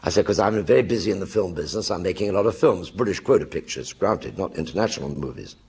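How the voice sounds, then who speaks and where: A man's voice: low-pitched, quick pace, creaky, darkish tone, husky. An older actor telling anecdotes in a one-man stage show in front of a live audience, acting out other people's voices as he goes.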